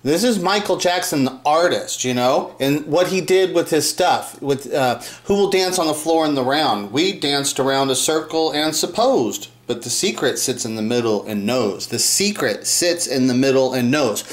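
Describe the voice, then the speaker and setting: In an echoey room, a male video host delivers an angry, profane rant, saying the same things over and over as his pitch jumps high in frustration. His delivery is expressive and at a normal speed, with few pauses.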